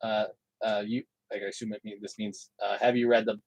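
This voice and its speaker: A man's voice: lowish voice, level tone, fairly quick, dry recording, low-quality recording. A man co-hosting a casual livestream, reading out viewer questions hesitantly with many fillers.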